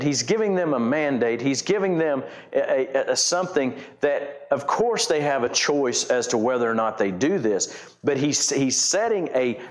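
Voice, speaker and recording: A middle-aged man preaching an informal sermon in a folksy, rambling way, correcting himself and stressing key words. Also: medium pitch.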